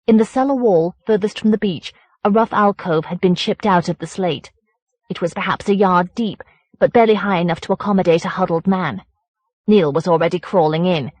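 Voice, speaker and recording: A woman reading a first-person horror story aloud as an audiobook narrator, in a measured, deliberate way. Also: on the low side, a little mellow, no echo.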